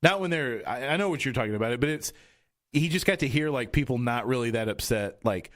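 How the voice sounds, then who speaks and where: A man with a mid-range, fairly bright voice hosts a casual chat show from a radio studio. He talks fast and expressively, rambling, trailing off, and restarting his sentences again and again.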